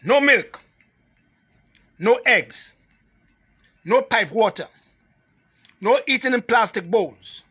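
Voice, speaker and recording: Male holistic health lecturer, high bright voice, hammers points home in repeated lists, laughs between points. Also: husky. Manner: emphatic, repetitive, drills points in lists. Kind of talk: health lecture to a live audience.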